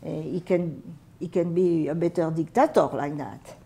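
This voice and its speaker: A woman in her eighties with a French and Catalan accent, a native Catalan speaker, recalling her wartime childhood for an interviewer in unhurried, halting English. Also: low voice, vocal fry, dark tone. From France. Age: 80s. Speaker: veteran oral history interviewee. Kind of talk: personal war memories told to an interviewer.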